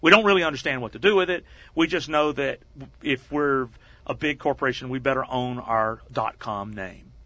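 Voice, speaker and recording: Bright-voiced man telling a story. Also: medium pitch, moderate pace, no echo. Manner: animated, acts out quoted voices. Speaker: interview guest. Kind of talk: conversational storytelling.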